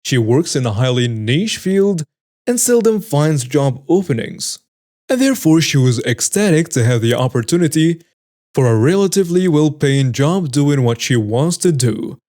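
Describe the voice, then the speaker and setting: A man narrates stories from the internet in a mellow, rounded voice that is pitched a little high for a man. He reads them plainly and then adds wry, amused comments of his own. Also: expressive, normal speed. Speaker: story narrator. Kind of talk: reading online stories aloud with commentary.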